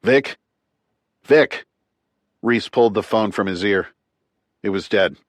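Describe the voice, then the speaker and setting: A man narrating a thriller audiobook in a tight, clipped, measured way. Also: lowish voice, steady tone, no room sound.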